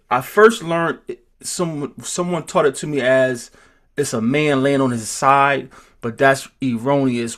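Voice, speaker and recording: A man teaching an informal group class, talking slowly and thinking aloud, with many restarts and repeated words. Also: mid-range voice, fairly bright tone. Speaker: teacher of a Hebrew roots class.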